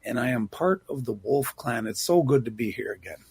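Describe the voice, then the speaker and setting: A man's voice: mid-range voice, lively intonation, moderate pace, creaky, slightly rough, dry recording. A man speaking earnestly as a guest on a talk program. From Bad River, Wisconsin. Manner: earnest, heartfelt. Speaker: guest, civic engagement manager. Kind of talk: radio interview.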